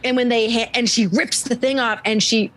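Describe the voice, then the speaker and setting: A young woman guesting on a podcast chats casually, telling stories animatedly and laughing as she acts out quotes. Her voice is fairly high and a bit bright, with fairly even intonation and a moderate pace.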